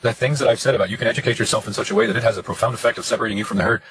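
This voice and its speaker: A man just short of fifty talks fast in a raw, frustrated monologue. He swears often and hammers his points through long lists and repeated words. Faint background noise sits under the recording. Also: fairly low pitch, steady tone, fairly bright tone, poor audio. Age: 40s. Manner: emphatic, profane, repetitive listing.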